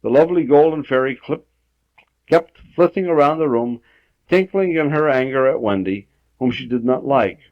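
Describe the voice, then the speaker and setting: A man reading a children's story aloud at home, expressive, lifting his voice for emphasis. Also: medium pitch, moderate pace, no echo. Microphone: home tape recorder. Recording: dull 1960s home audiotape.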